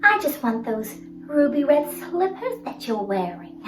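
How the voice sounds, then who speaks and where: A woman voicing a wicked witch who makes slow, gloating threats. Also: sits high, very animated. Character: menacing scheming female witch, adult. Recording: roomy, distant, music behind.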